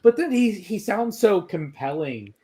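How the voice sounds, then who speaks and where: A young man co-hosting a casual chat, his slightly high voice swinging widely in pitch. He jokes around and laughs often as he talks. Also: unhurried, slightly rough. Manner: laughs often, animated and joking. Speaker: co-host reacting to a review.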